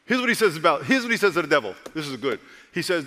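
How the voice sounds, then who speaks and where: A man's voice: a little high, very animated, rapid-fire, bright, forceful tone, big-room sound. A male pastor preaching a sermon with humor, calling out to the congregation and voicing characters in his stories.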